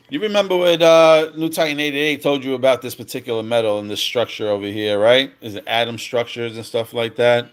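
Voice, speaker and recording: A man giving excited, slangy commentary over cartoon clips, repeating himself and calling out to viewers. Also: medium pitch, fairly quick, hardly any pauses, clean tone. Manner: hyped, slangy, repeats phrases, calls out "baby" and "fam". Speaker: crypto commentator.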